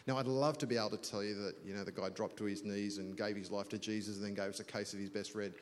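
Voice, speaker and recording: A man's voice: fairly low pitch, fairly even intonation, fast talker. A middle-aged man preaching a sermon as a pastor, chatty and self-deprecating, telling a story and often restarting words. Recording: long church hall reverb.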